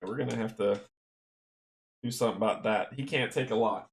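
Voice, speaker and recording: A man's voice: lowish voice, brisk, creaky. A man playing a board game solo, reading the game text aloud and chatting to himself with chuckles. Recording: roomy echo.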